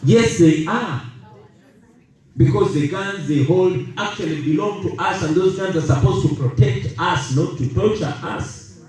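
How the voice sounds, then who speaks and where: Man, Ugandan accent, 30s, political speech, emphatic, slightly high voice, heavy room echo. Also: a little mellow. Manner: emphatic, deliberate, repeating key phrases. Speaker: political speaker. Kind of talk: rallying speech to an audience. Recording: echoey room, voice heard from a distance.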